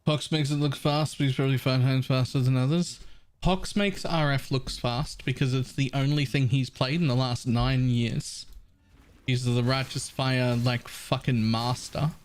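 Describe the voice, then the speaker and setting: A man's voice: medium pitch, steady tone, unhurried. A young adult man, a streamer, giving blunt, casual gameplay commentary and swearing freely.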